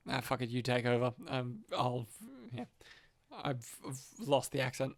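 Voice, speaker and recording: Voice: mid-range voice, flat delivery, unhurried, dry recording, clean studio sound. A podcast co-host chatting casually in a laid-back, fumbling way. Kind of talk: casual chat.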